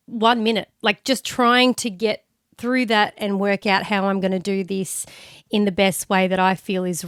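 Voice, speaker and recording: A woman's voice: mid-range voice, smooth, dry recording, clean studio sound. A woman, co-hosting a podcast as a mum, talking candidly and emotionally and swearing freely. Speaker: podcast co-host. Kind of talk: casual chat.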